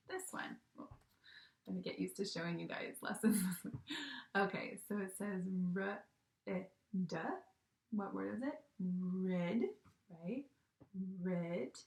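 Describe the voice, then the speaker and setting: A woman teacher talks slowly and patiently through a recorded phonics lesson for young children. Her voice carries a slight vocal fry, and she keeps checking in with a sing-song "okay?". The sound bounces around an echoey room. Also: mid-range voice, fairly bright tone.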